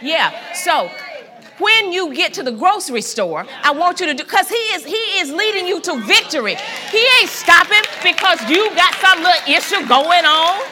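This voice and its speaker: A woman's voice: very high voice, expressive, normal speed, a crowd in the background, noisy background. A woman pastor preaching a sermon with fervent, emphatic delivery, repeating phrases and calling on the congregation to respond.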